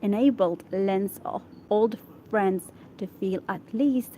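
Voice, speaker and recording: A woman whose first language is Arabic reads an English article aloud for practice, halting and correcting herself as she checks how words are pronounced. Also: mid-range voice, dark tone, a little hiss or hum, poor audio. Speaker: English learner.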